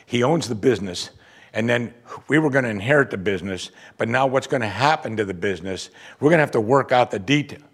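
Husky male preacher, animated teaching. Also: mid-range voice, fast. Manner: animated Bible teaching with reading and asides. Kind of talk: sermon.

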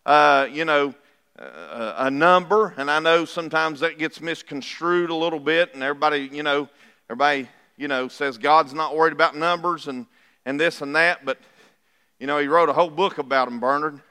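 A man's voice: fairly high pitch, a little fast, sharp tone, clear, resonant tone. A middle-aged man, preaching a sermon to his church in a folksy, conversational way and asking the congregation questions as he goes. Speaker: pastor. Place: church sanctuary. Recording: reverberant church hall.

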